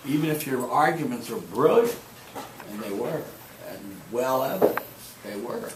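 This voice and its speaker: A man's voice: mid-range voice, moderate pace. A man teaching a debate class, giving chatty, digressive feedback to students. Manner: chatty, digressive, animated asides. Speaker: debate instructor. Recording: noisy classroom recording.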